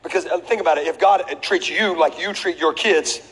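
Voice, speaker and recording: Man, pastor, animated comic sermon, acts out voices, long hall reverb, faint room noise. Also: a little high, brisk. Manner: animated, acts out voices, laughs, shifts to shouting. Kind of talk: comedic sermon storytelling. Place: large church auditorium.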